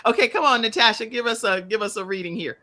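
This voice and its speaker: Woman, host, bright tone, animated, live-stream chat. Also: on the high side, fast talker. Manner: animated, cheering guests on.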